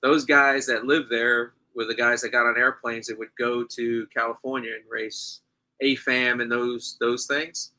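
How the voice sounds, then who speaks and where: Loud, bright-voiced man from New York. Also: medium pitch, a little slow, poor audio. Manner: loud, animated storyteller. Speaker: guest. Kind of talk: casual chat.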